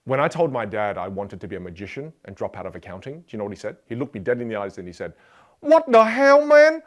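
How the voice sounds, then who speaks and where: A man's voice: on the low side, lively intonation, racing. A man teaching a motivational communication lesson, speaking playfully and directly to the listener. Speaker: communication coach.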